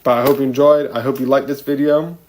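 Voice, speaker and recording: A man vlogging in a casual, rambling way, quick to giggle at himself. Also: medium pitch, little pitch movement, darkish tone, recorded from a distance.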